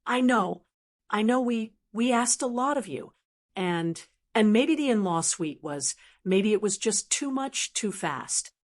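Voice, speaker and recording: A woman's voice: medium pitch, animated, unhurried. A woman voicing a frantic, desperate middle-aged daughter-in-law who shrieks, stammers and pleads. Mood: pleading.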